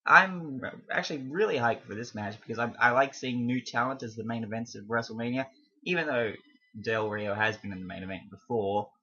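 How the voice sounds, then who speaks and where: A chatty young man with a bright, forceful voice talks through his predictions with plenty of ums and little asides that amuse him. The sound is dull and lo-fi, like a home recording. He is not from America. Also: mid-range voice, brisk, breathy edge. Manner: chatty, rambling with fillers and self-amused asides. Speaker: wrestling fan vlogger. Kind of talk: casual predictions vlog.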